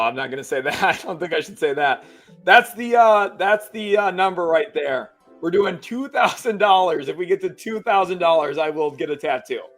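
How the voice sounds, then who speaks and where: A young man hosting a casual sports livestream, laughing nervously as he reads donations out loud. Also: a little high. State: nervous, excited. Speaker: livestream host.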